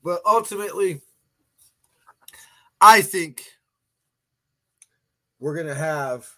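A man's voice: on the high side, pushed and bright. A man hosting a casual sports podcast, chatty and folksy, often restarting his sentences and sounding a bit tired. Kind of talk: casual sports talk show.

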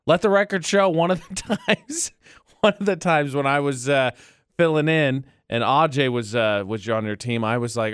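A man co-hosting a casual radio show from a studio mic, playful and quick to laugh. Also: mid-range voice, clean tone, no room sound. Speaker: radio co-host. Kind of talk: casual morning radio banter. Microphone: studio microphone.

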